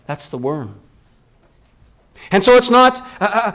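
Male preacher with a high voice, dynamic sermon delivery, drops to near whispers for emphasis. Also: wildly swooping pitch, moderate pace, pauses often. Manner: swings from loud rising questions to hushed low emphasis; self-correcting, repeats words.

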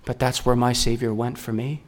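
A man preaching a sermon, swinging between raised, rising questions and hushed, low emphasis, often correcting himself and repeating words. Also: little pitch movement, normal speed.

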